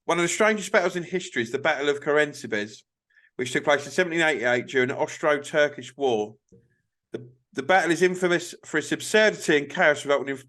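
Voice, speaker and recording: A man's voice: on the high side, fairly bright tone. A young man co-hosting a casual podcast chat, swearing often and breaking into laughs as he reads aloud. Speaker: podcast co-host.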